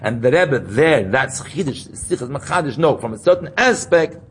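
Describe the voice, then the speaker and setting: A man's voice: mid-range voice, lively intonation, moderate pace, a little hiss or hum. A man teaching an informal Torah class, explaining ideas while he thinks aloud and repeats key terms.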